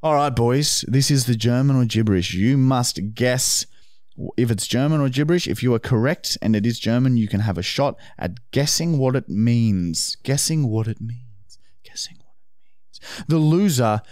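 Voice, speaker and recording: A man's voice: mid-range voice, lively intonation, normal speed, a little mellow, no echo, studio quality. A man hosting a comedy podcast, crude and joking as he runs a game. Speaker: podcast host. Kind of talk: casual comedy podcast banter.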